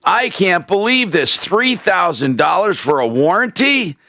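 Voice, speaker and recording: A man hosting a call-in radio show, animated and quick to interrupt with questions. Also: sits high. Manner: animated, interrupting, exclaims in disbelief. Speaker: radio talk show host. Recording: dull lo-fi radio stream.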